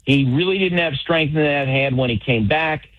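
A middle-aged man talking baseball as an analyst on sports radio, opinionated and rattling off examples. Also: fairly high pitch. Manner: opinionated, piles up quick examples. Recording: dull lo-fi radio sound.

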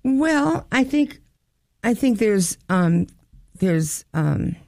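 Woman cohost rambling along, gravelly, dry close sound. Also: medium pitch, big pitch swings, drawn-out words, warm tone, no echo. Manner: rambling, chatty storyteller. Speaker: co-host. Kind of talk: casual chat.

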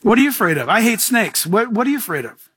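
A man preaching a casual, animated sermon as a pastor, joking and acting out quoted voices. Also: sits high, fast, slightly rough, no room sound.

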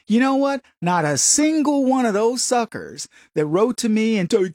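A man with a notably high voice rants through an opinion monologue, combative and sarcastic. He mocks his opponents as he goes. The sound is close and dry, with no room at all. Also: very animated, moderate pace, no echo. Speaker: political commentary show host.

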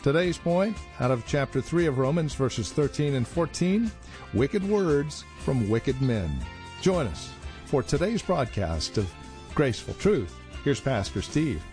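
A man reading a scripted introduction to a radio sermon program in a measured, emphatic way. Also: medium pitch, very animated, darkish tone. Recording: announcement over clear music.

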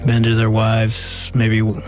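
A man's voice: fairly low pitch, monotone, slow pace, music in the background. An older man co-hosting a radio talk show, speaking earnestly and heartfelt. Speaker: radio co-host. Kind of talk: reflective studio conversation.

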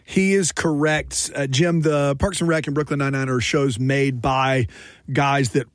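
A man's voice: mid-range voice, fairly even intonation, a little slow, noisy background. A man hosting a trivia game, reading questions and chatting with upbeat energy. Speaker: quiz host. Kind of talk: quiz hosting.

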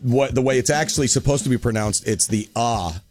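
A man's voice: mid-range voice, a little mellow, faint music behind. Upbeat American radio host man. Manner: upbeat, quick banter. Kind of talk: casual radio chat.

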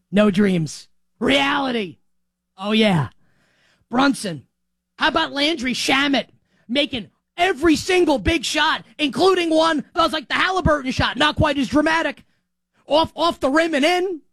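Fired-up New sports talk host, high-pitched, bursts of shouting, dry close sound. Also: no room sound. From New York. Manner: animated, emphatic, rapid-fire repetition, frequent shouting. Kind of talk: excited sports talk monologue.

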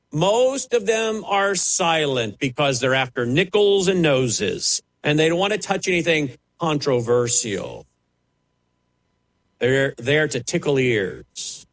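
A man's voice: on the high side, a bit bright, low-quality recording. A man preaching, fiery and emphatic, mocking the voices he quotes. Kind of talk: preaching sermon.

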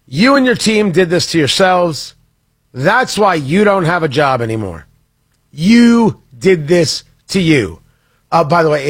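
A man's voice: a little high, fairly bright tone, no room sound. A man hosting a political talk radio show, speaking in a sarcastic, mocking monologue with frequent restarts.

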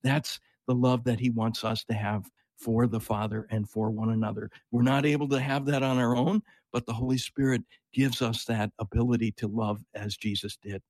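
Calm priest with a dry, close sound. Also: male voice, mid-range voice, normal speed, few pauses, no room sound. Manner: calm, explanatory, with hesitant fillers. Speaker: priest guest, spiritual director. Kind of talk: radio interview.

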